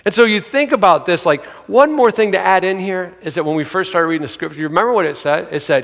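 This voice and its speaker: A male pastor preaching a sermon, telling a story with animated, acted-out voices and sudden shouts. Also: high voice, fast, few pauses. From grew up in a city. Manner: animated, acts out quoted voices, shouts for emphasis. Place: church sanctuary. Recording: long hall reverb.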